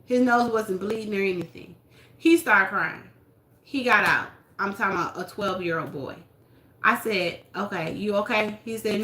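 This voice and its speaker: A woman hosting a casual livestream, telling stories with animated acted-out quotes; she coaches youth basketball. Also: medium pitch, normal speed, roomy sound, a little hiss or hum. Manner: animated storytelling, acts out quotes. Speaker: livestream host.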